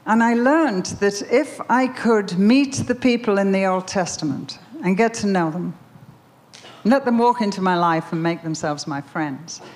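An older woman speaking at a Christian gathering with a low voice. She tells her story animatedly, posing questions and stressing words. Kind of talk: personal storytelling talk.

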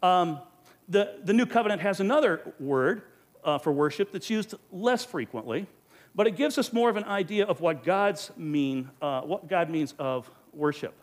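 A man's voice: high-pitched, animated, normal speed. Emphatic man preaching a teaching sermon. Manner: earnest, emphatic, asks rhetorical questions. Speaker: pastor teaching a Bible study. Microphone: microphone.

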